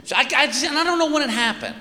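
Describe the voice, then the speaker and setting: A man in his forties performing a stand-up comedy routine, animated and exaggerating voices and shouts. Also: very high voice, fast. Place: stage in a large hall. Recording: live hall with audience noise.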